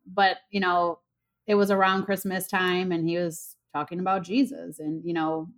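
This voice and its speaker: A woman's voice: fairly low pitch, little pitch movement, moderate pace. A middle-aged woman co-hosting a podcast, talking earnestly and emphatically. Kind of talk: casual podcast chat.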